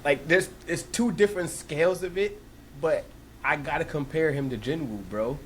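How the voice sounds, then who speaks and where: A man co-hosting a podcast, talking in a slangy, excitable way and laughing often. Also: a little high, normal speed, a little hiss or hum. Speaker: podcast co-host. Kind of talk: casual chat.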